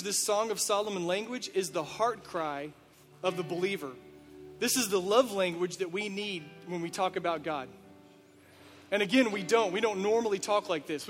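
A pastor with a high voice preaches earnestly, putting question after question to his listeners. His sermon rings through a reverberant church sanctuary. Soft music plays underneath. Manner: earnest, direct address with rhetorical questions. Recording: reverberant hall with faint music.

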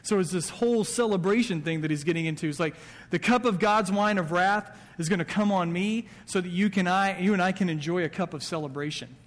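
Male pastor, conversational sermon, higher voice, long hall reverb. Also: a little fast. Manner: conversational preaching with quoted asides. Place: church sanctuary.

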